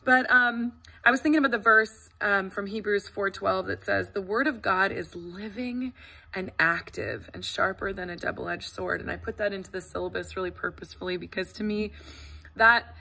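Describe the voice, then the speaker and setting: A woman's voice: mid-range voice, moderate pace, vocal fry, sharp tone. A woman teacher speaking to parents in an empty classroom, earnest and effusive, with many fillers and restarts. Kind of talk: casual welcome talk to parents.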